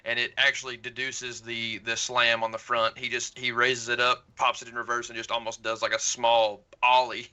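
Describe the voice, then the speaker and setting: Hyped-up player dude, super bright crisp voice, rattles off his moves and cusses. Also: mid-range voice. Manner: fast, excitable, swears casually. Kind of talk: excited tabletop role-play narration.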